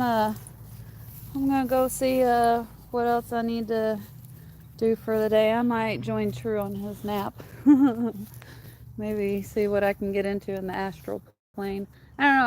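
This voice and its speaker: A woman's voice: on the high side, darkish tone, a little hiss or hum. A woman hosting a casual livestream outdoors. She rambles, uses many fillers and coos to her dogs. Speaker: livestream host. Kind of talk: casual chat with viewers.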